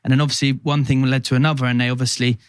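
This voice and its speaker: Fast-talking energetic Englishman. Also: mid-range voice, clean tone, dry recording. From United Kingdom. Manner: energetic, talks fast and at length. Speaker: podcast guest. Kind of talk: casual storytelling chat.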